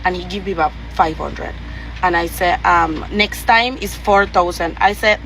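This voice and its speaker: A woman's voice: on the low side, a little slow, a bit bright, slight background noise, rough recording. A woman with a Venezuelan Spanish accent tells a heated, profane story with many fillers and restarts. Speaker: guest telling a story.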